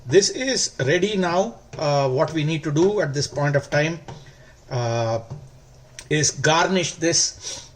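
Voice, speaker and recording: A man hosting a cooking video, explaining each step slowly and warmly praising the food. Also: on the high side, lively intonation, a little hiss or hum. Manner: slow, instructive, gently enthusiastic. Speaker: cooking show host. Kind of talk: cooking demonstration.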